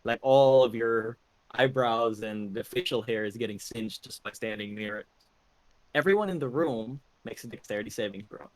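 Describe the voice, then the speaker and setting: A man narrating a tabletop game as game master, descriptive and relaxed, with frequent fillers. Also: medium pitch, normal speed, no room sound, rough recording.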